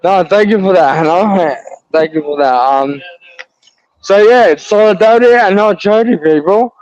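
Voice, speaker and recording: A man's voice: sits high, normal speed, darkish tone, no echo. A man co-hosting a podcast, chiming in with brief, affirming replies in casual chat. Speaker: co-host. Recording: dull lo-fi sound.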